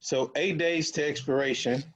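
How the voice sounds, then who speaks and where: A man's voice: on the high side, steady tone, poor audio. A man leading an online options trading group, explaining things casually while sharing his screen and often restarting his sentences. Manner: halting, many restarts and fillers. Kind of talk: casual teaching over a screen share.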